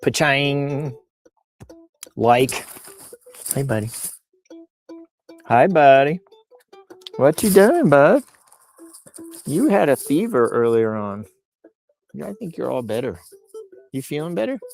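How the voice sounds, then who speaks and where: A man's voice: medium pitch, big pitch swings, takes it slowly, creaky, pauses often, darkish tone, soft background music. A man hosting a casual livestream outdoors, joking and riffing as he reads posts and comments aloud. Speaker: livestream host reading posts. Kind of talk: casual live-stream chat. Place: outdoors on a bluff.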